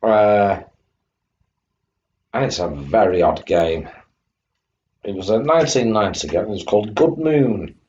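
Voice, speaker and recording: A man's voice: on the low side, lively intonation, a little slow, long pauses, warm tone. A man live-streaming retro computer games, chatting to viewers and fighting off a coughing fit. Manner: chatty, greets chat viewers by name. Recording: dull lo-fi stream audio with faint hum.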